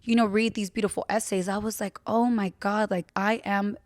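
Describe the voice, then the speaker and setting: A young woman tells a story from her own life in a loose, chatty podcast manner. She leans on fillers and talks frankly, with a swear word here and there. Her voice has a middle pitch and sounds close and dry, with no room echo. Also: level tone, moderate pace. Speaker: podcast host. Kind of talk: casual personal storytelling.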